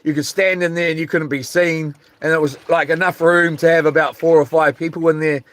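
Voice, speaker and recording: Animated rambling man. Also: a little high, a little fast, no room sound. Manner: rambling, animated, acts out quotes and sound effects. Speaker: vlogger. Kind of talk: casual storytelling.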